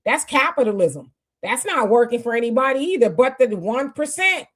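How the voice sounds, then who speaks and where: A woman's voice: a little high, big pitch swings, normal speed, a bit bright. A woman in her fifties hosting a live stream, chatting casually and reading viewer comments aloud. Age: 50s. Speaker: host.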